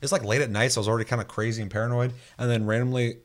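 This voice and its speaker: A young man in his twenties or so chats casually on a podcast at an ordinary mid-range pitch. He reads listener comments out loud and swears freely as he goes. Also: very fast. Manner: loose and profane, laughs often, animated when telling stories. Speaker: podcast host.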